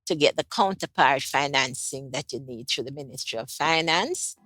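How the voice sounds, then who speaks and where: Low-voiced woman explaining carefully. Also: noisy background. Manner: measured, with frequent ums and restarts. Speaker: climate project lead interviewee. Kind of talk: unscripted interview answers.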